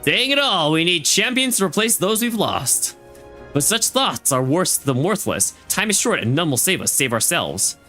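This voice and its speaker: A man's voice: sits high, sing-song, normal speed, bright, forceful tone, soft background music, full character voice. A man reading a stern female fleet admiral's dialogue aloud from a game, stumbling over names and lines as he goes. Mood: solemn.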